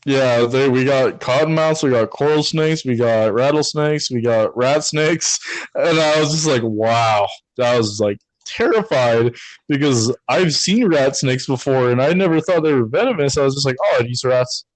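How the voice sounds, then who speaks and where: A man's voice: mid-range voice, normal speed, no room sound, poor audio. A young man from Texas, co-hosting a podcast with friends in a loose, rambling chat, laughing easily. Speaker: podcast co-host. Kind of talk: casual chat.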